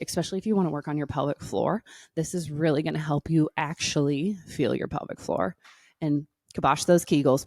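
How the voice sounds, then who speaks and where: A woman wellness coach leading stretches and guided breathing, playful and upbeat at first, then slow and soothing. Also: sits low, darkish tone, no room sound, studio quality. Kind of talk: exercise and guided breathing instruction.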